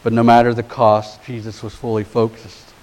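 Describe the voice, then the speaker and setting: Man preaching, hushed to emphatic. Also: completely flat delivery, low-quality recording. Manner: swings from hushed, low passages to rising, emphatic exhortation; slow, deliberate stress on key words. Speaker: pastor. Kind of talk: sermon.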